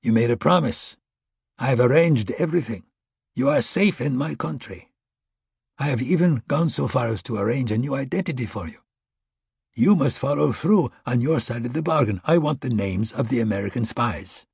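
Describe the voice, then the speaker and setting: A man's voice: medium pitch, lively intonation, normal speed, creaky, breathy edge, no room sound, studio quality, heavily acted. A man narrating an audiobook, voicing a volatile, menacing middle-aged male intelligence general who threatens and hisses. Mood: demanding. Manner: threatening, shouting and hissing.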